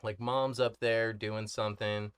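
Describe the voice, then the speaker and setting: A man's voice: fairly low pitch, level tone, a little slow, a bit bright, smooth, dry recording. A man telling crude, funny stories about his kids in a casual podcast chat, laughing often and cursing freely. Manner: profane, laughing storyteller. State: smoking cannabis. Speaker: podcast co-host.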